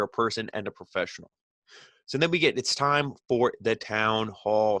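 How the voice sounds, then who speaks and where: A man's voice: lowish voice, fairly bright tone, no room sound. Blunt, rambling man recapping wrestling. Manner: rambling, filler-heavy, blunt and opinionated. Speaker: wrestling show reviewer. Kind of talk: casual recap commentary.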